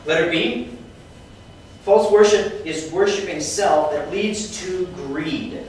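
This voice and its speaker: High-voiced man teaching a youth class. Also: slow pace. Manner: lively, quizzes the class with questions. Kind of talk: Bible lesson to students. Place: classroom with students. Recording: echoey room, mic far off, faint noise.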